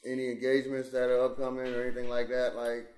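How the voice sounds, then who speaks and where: A man's voice: mid-range voice, monotone, fast talker, darkish tone. A man hosting a podcast, teasing his guests and steering the chat with easy questions. His voice sits in a middle range. The room adds a noticeable echo. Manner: teasing, interviewing. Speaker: podcast host. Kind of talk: casual chat. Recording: roomy studio sound.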